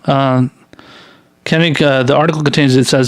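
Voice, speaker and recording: A man's voice: mid-range voice, fairly even intonation, brisk, pauses often, no echo, studio quality. A man hosting a political commentary show, reading news articles aloud and rambling through sarcastic, filler-heavy commentary on them.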